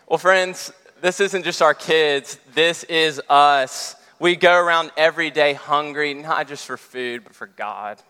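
A man's voice: on the high side, a little slow, few pauses, bright, forceful tone, smooth, long reverb tail. A man preaching a sermon as a pastor, with earnest, rising and falling emphasis.

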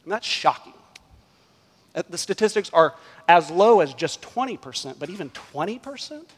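Male pastor, slightly high voice, emphatic sermon delivery, long hall reverb. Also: very animated, normal speed. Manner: emphatic preaching, rising and dropping in volume.

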